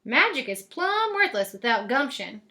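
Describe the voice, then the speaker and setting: Brisk old frontier fairy godmother, folksy drawl, high and bright, a woman putting her on. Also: big pitch swings, exaggerated voice. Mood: bossy. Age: older.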